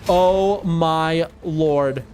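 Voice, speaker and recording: A man's voice: on the high side, very slow, a little mellow, a little hiss or hum. A man chatting casually as a game streamer, telling a rambling story and reacting to his gameplay with frequent laughs and restarts.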